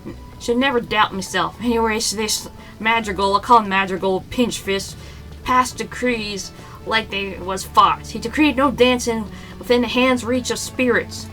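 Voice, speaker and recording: A woman's voice: on the high side, moderate pace, fairly bright tone, soft background music, natural voice, poor audio. A woman voicing a boastful, drunken male sailor who rambles in old-timey sailor slang. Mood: drunken bragging.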